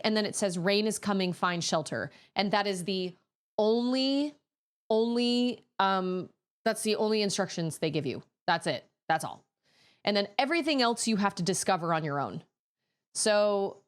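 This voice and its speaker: Woman, streamer, casual chat, rambling, laughs a lot, mid pitch. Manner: rambling, chatty, laughs often.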